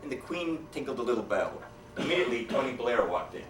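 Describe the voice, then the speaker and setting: A man doing a stand-up routine, telling jokes with deadpan setups and quoted character voices. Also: mid-range voice, quick pace, slight background noise. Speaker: stand-up comedian. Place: hotel meeting room. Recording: echoey hall from far off. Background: audience laughter.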